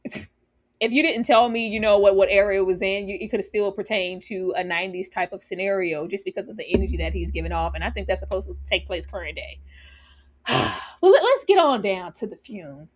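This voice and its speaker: A woman's voice: mid-range voice, expressive, fairly quick. A woman on a review panel talking casually and animatedly about a TV series, laughing often and acting out scenes.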